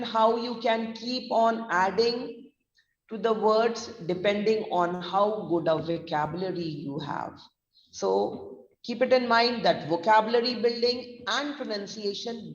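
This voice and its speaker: A woman pronunciation trainer, teaching slowly and repeating words as drills, sometimes switching into Hindi. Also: mid-range voice. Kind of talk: classroom lecture. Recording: roomy echo from far off, dull audio.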